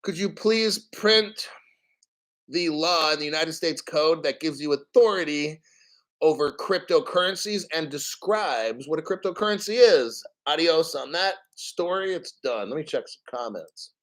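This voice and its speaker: Crypto stream host, a man in his fifties, slightly high voice, swears freely and rants with sarcasm. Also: animated, a little slow, fairly bright tone, low-quality recording. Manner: profane, ranting, sarcastic. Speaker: crypto news show host. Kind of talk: livestream news commentary.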